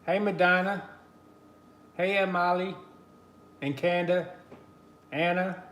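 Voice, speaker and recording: A man's voice: high-pitched, steady tone, slow, a bit bright, echoey room. A man hosting a casual live stream, chatty and greeting his viewers by name between easy laughs. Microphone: computer mic on a live stream.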